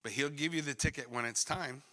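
Bright-voiced preacher man in a reverberant church. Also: medium pitch, brisk. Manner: animated, conversational preaching with rhetorical questions. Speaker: pastor. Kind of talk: sermon. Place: church sanctuary. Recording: long church hall reverb.

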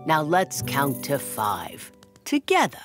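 A woman voicing a calm, patient friendship fixer in a children's cartoon, with slow, soothing instructions. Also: deep voice, music in the background, heavily acted.

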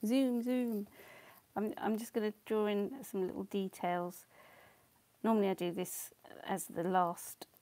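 A woman's voice: mid-range voice, little pitch movement, measured pace, mellow. Chatty woman painting live. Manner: chatty and self-deprecating, thinks aloud, often trails off; answers viewer comments as she works. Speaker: watercolour artist and channel host. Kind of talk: casual live painting demo, chatting with viewers.

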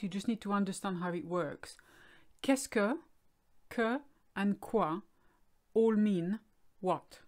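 A French woman explaining grammar as a language teacher, speaking clearly and repeating examples slowly. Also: medium pitch, a little mellow. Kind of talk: online language lesson.

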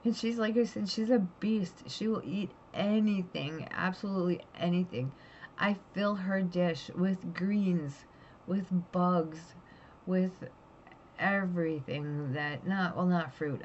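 Middle-aged woman vlogger, lowish voice, outspoken and rambling, dull home mic. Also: measured pace, a little mellow, a little hiss or hum. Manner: chatty, blunt, rambling with restarts. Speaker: pet vlogger. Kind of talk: casual storytelling vlog.

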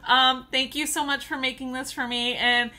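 Unboxing a gift in an easygoing vlog, this adult woman with kids, who crafts tumblers, giggles and gushes and often squeals with joy. Her high voice holds a level, sharp tone and moves at normal speed.

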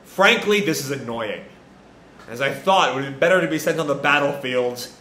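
A man's voice: medium pitch, lively intonation, brisk, bright, forceful tone, echoey room, slight background noise. Man reading as a weary blunt soldier. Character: blunt young male soldier, tired and grudging.

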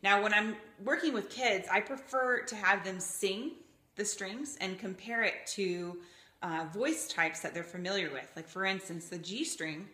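A woman from Florida teaching violin, patiently explaining the parts of the instrument and sometimes demonstrating pitches with her voice. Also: measured pace, bright, forceful tone, soft background music. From Gainesville, Florida, USA. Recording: roomy echo, faint violin.

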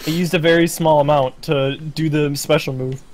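A man's voice: fairly high pitch, steady tone, moderate pace, a little mellow. A man co-hosting a gameplay video, playful and goofy, chatting casually while he plays. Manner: goofy, playful, tries silly accents. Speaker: co-host playing along.

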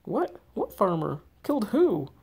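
A woman's voice: medium pitch, big pitch swings, a little slow, darkish tone, husky, voice pushed up, full character voice. A woman reading the texts of a worried young woman urging her friend to safety, urgent and anxious. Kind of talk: text story read aloud.

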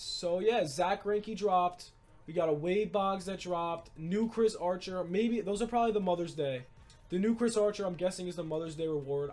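A young man giving casual, excitable commentary on his gameplay, rambling and urging viewers to buy cards. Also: a little high. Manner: excitable, rambling, urgent market tips. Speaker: gaming YouTuber.

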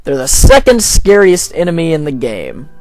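A man's voice: fairly high pitch, very animated, moderate pace, a little mellow, no room sound, faint music behind. A man casually commenting while playing a video game, rambling and joking at his own expense. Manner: rambling, jokey, self-deprecating. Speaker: let's play gamer.

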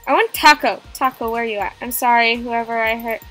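A woman giving playful, excitable commentary while playing a game, gasping and joking as she goes. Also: a little high, a little fast, faint music behind. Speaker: gamer.

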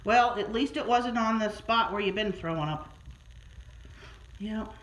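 A pet sitter in a client's home, cooing in high sing-song baby talk to a cat while filming on a handheld phone. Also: female voice, a little slow, fairly bright tone, a little hiss or hum, rough recording. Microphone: handheld phone camera.

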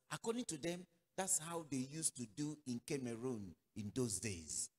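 A man from Nigeria preaching a sermon as pastor, telling a story with acted-out dialogue and sudden loud outbursts. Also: mid-range voice. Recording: long reverberant hall.

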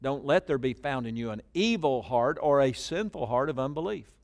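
A middle-aged pastor preaches a sermon in church, swinging between loud shouted lines and quiet asides and getting the congregation to repeat phrases after him. His voice is mid-range and expressive, at a normal speed.

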